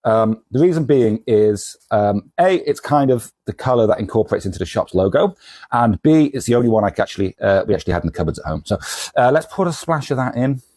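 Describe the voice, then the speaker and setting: A man's voice: medium pitch, animated, fast talker, dark tone, no echo. A man who sells comics, talking in a casual vlog, rambling and self-deprecating as he does a kitchen science demo. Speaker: comic shop seller.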